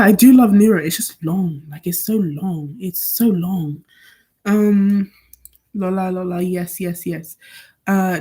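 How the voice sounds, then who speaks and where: A woman's voice: on the low side, a little mellow. A seventeen-year-old woman from Nigeria chatting casually on a study live stream, rambling as she answers questions from her viewers. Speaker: student streamer.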